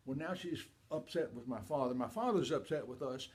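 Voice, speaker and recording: An older man from Kentucky telling a personal story to an audience, animated, swinging between loud and hushed. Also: medium pitch, moderate pace.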